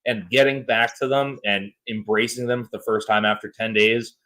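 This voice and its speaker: A man hosting a podcast in casual chat, joking and animated as he tells stories. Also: on the low side, moderate pace. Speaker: podcast host.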